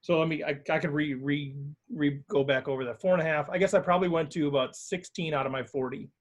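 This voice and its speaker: Man on a video call, slightly higher voice, talks through a poker hand step by step. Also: steady tone, fast talker. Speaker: poker group member. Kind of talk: casual chat on a video call.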